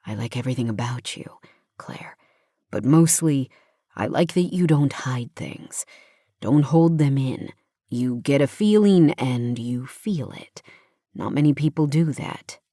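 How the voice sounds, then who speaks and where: A woman voicing a tender young adult man who talks low and gentle, often in a whisper, in an audiobook. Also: animated, unhurried, no echo, studio quality, heavily acted. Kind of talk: audiobook character voice.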